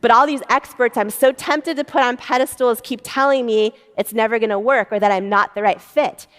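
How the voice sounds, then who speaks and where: Woman, motivational talk, higher voice, animated storytelling, long hall reverb. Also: a little fast. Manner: animated storytelling, acts out quotes, frequent fillers. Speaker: speaker telling her founder story.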